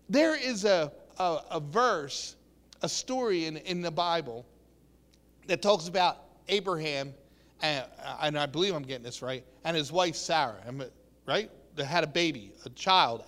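High bright-voiced preacher in a hall. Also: male voice. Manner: earnest, acts out quotes, many restarts. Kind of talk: sermon.

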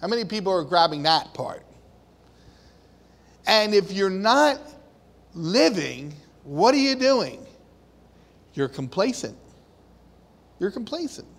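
A man with a high voice preaches slowly and with fervor, firing questions at the congregation. His words ring out in a big hall with a long reverb. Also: expressive, fairly bright tone. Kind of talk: sermon.

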